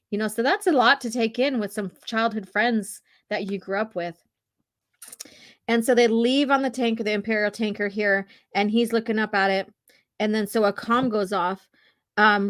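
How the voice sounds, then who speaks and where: Slightly hoarse woman, casual comic chat. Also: medium pitch, steady tone, no echo, studio quality. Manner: reads comic dialogue aloud in slow dramatic bursts. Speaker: podcast host reading comics.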